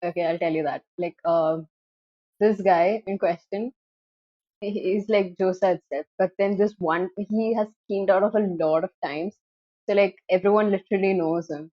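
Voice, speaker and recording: Brief: young woman co-host, chatty storyteller, mid pitch, dry and slightly muffled lo-fi sound. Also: normal speed, no room sound. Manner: animated storyteller, lots of "like" and "okay". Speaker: podcast co-host. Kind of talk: casual chat.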